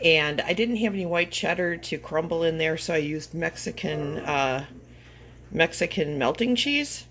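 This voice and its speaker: Low-voiced chatty woman vlogging. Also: animated, unhurried, fairly bright tone, a little hiss or hum, low-quality recording. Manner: chatty, emotional, rambling with fillers. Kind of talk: casual vlog chat.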